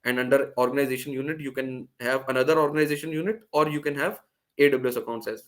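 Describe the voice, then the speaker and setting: A man's voice: mid-range voice, fairly even intonation, quick pace. A man presenting a live online workshop, explaining step by step with frequent fillers and restarts over a video call. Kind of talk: live screen-share tech demo.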